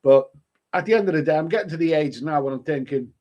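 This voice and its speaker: A man's voice: fairly high pitch, quick pace, dark tone, highs cut off. Blunt, sniffly man chatting with viewers. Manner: blunt and crude, swears freely, stammers and repeats himself. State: sniffling with hay fever. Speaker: YouTube host reading live chat. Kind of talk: casual live-stream chat.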